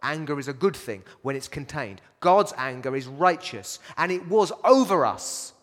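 A man's voice: on the high side, lively intonation, normal speed, a bit bright, in a large hall. A man preaching a sermon to his congregation in a casual, conversational way, asking rhetorical questions and restarting phrases often. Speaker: pastor.

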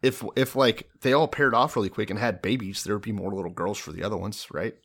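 A man's voice: lowish voice, quick pace, fairly bright tone, husky. A man co-hosting a podcast, chatting casually and sarcastically, sometimes reading passages aloud. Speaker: podcast co-host.

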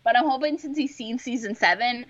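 A giggly young woman co-hosting a podcast, with a bright, forceful voice pitched slightly high. Her mic sounds dry and dull. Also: fairly quick, no room sound. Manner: giggly, upbeat, rambling. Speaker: podcast co-host. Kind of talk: casual fan podcast chat.

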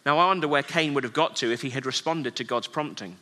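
A man's voice: mid-range voice, quick pace, bright, forceful tone. A man preaching a sermon earnestly, asking his listeners many rhetorical questions, in a hall with long reverb.

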